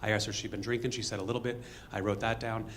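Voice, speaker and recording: Guy rattling off a story on stage, quick and kinda low, faint room hum behind. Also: level tone, fairly bright tone. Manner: fast, conversational, with asides and reenacted dialogue. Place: stage before a live audience.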